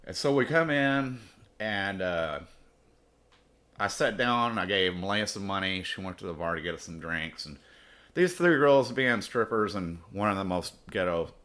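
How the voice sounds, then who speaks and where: A man's voice: low-pitched, animated, moderate pace, a bit bright. A man telling a rambling, profane personal story as host of his podcast. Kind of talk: casual storytelling.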